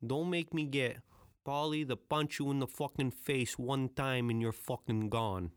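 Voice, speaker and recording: A man's voice: mid-range voice, a little slow, no room sound, clean studio sound, close to an everyday voice. A man putting on the voice of a hot-tempered Italian-American tough guy who curses and threatens. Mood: menacing. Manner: profane, menacing, pushy.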